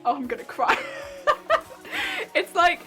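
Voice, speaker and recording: A woman's voice: sits high, lively intonation, a little slow. A chatty, giggly young woman streaming while she sews, gushing about a show and reading out chat. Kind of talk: casual chat while sewing. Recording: faint background music.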